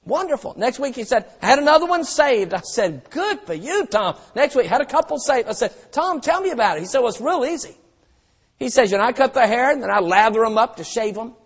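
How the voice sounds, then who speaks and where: A man preaching a sermon as pastor, telling stories and swinging from quiet asides to loud shouted lines. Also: very high-pitched, lively intonation, a little fast, husky. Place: church auditorium. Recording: dull sound with long hall reverb.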